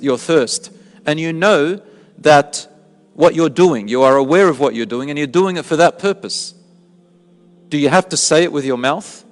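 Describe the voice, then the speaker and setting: Man preaching in a reverberant hall. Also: on the high side. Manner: explains with rhetorical questions and answers. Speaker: Islamic preacher. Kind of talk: sermon.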